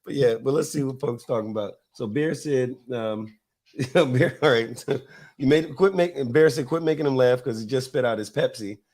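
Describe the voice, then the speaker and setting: A man's voice: mid-range voice, moderate pace, darkish tone. A man from Florida hosting a casual podcast, telling stories with lots of fillers, restarts and laughs. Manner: rambling, laughing, many fillers. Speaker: podcast host. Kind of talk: casual storytelling chat.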